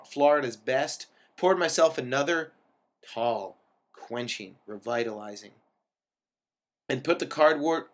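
A man's voice: mid-range voice, fairly bright tone. Man reading a wry first-person story.

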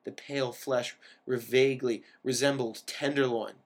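A man reading a first-person story aloud, in a wry and expressive way that lifts into sudden emphatic bursts. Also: medium pitch, normal speed. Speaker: reader of a story.

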